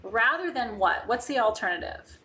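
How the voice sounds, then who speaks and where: A woman's voice: a little high, animated, moderate pace, sharp tone, a little hiss or hum. A woman hosting a live online spiritual session, talking casually and candidly with her viewers. She asks rhetorical questions and often adds a "right?". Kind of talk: casual live-stream teaching, reading viewer comments.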